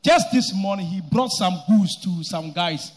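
A man's voice: high-pitched, expressive. Emphatic man announcing in church. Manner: slow, emphatic, building to loud declarations. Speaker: church announcer presenting a congregant. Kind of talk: public church testimony narration.

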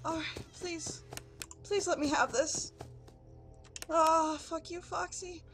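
A woman's voice: extremely high pitch, fairly even intonation, slow pace, fairly bright tone, faint music behind. A woman doing horror game commentary, jittery and swearing constantly as she pleads with the game. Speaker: gaming youtuber.

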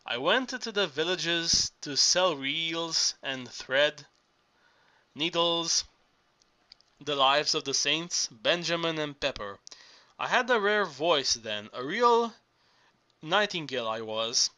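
A man's voice: a little high, pushed and bright, exaggerated voice. A man reading an audiobook aloud, voicing an earthy, boisterous older Greek working man who talks urgently and coaxingly, stumbling and restarting as he goes. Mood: confiding.

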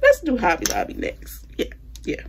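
Her pitch swoops wildly as this home decor vlogger chats with "you guys" about her holiday decor haul, using words like "y'all" and "I'ma." The voice is a little high with vocal fry and a moderate pace, plus a little hiss or hum.

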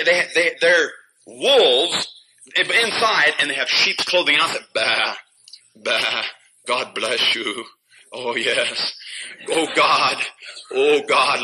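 A pastor preaching a fiery sermon in a church, scolding his listeners and bursting out loud now and then between chuckles. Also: on the high side. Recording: noisy old sermon recording.

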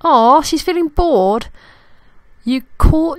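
A woman's voice: fairly high pitch, very animated, takes it slowly, no room sound. A young woman casually commenting on her life-simulation game, giggling and talking to her characters. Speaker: gaming YouTuber. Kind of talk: casual Let's Play commentary. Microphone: desktop USB mic. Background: faint game music.

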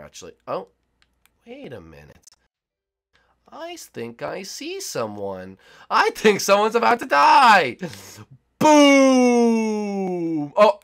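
Gravelly young man doing game play-by-play. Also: on the high side, a bit bright. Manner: sportscaster-style play-by-play, teasing players. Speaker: gaming YouTuber. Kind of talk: excited gameplay commentary.

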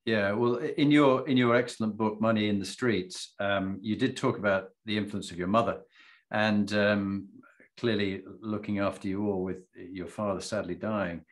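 A man hosting an interview, telling stories in an animated, self-deprecating way. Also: lowish voice, moderate pace. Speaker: podcast host. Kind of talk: casual interview chat.

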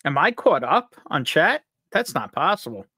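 Lively, upbeat man hosting a livestream. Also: fairly high pitch, normal speed, breathy edge, no echo, clean studio sound. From upstate New York. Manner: upbeat, jokey, reads out chat names. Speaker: livestream host. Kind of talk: live chat greetings on a whiskey stream.

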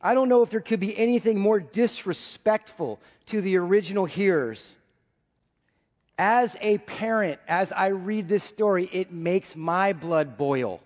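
A man in his forties preaching a sermon as pastor, telling stories and swinging between loud and hushed. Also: high voice, unhurried, big-room sound. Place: church sanctuary.

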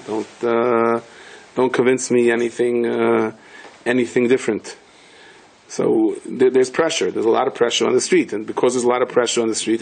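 A man teaching a Torah lesson through wry, self-deprecating anecdotes, his voice slightly husky at a middle pitch. He slips Yiddish and Hebrew words into his talk. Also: low-quality recording. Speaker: rabbi.

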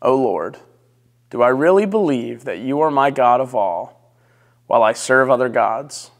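A man's voice: medium pitch, lively intonation. Male pastor, solemn scripture reading and prayer, long hall reverb. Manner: slow, solemn, measured reading. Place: church sanctuary.

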